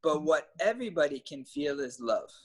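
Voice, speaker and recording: A man's voice: on the high side, sing-song, moderate pace, husky. A man telling stories in casual, emphatic talk, swearing now and then as a coach. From Canada. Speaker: trainer and guest coach.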